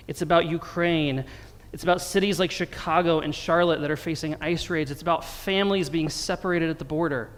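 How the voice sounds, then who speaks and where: An American man preaching a sermon as pastor, in a conversational tone with touches of wry humor. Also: fairly high pitch. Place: church sanctuary. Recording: long reverb of a church sanctuary.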